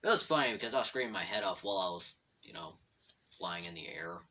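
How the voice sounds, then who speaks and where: A man's voice: deep voice, animated, fast talker, pushed and bright. A man telling a meandering story from his bedroom while drawing, self-deprecating and tripping over his words. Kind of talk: rambling casual storytelling. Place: bedroom at home.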